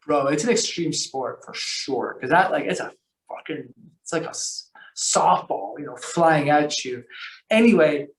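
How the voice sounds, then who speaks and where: A man's voice: fairly high pitch, unhurried. Slangy, rambling man telling stories. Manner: rambling, animated, lots of fillers and restarts; slangy, calls the host bro. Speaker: podcast guest. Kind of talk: casual storytelling conversation.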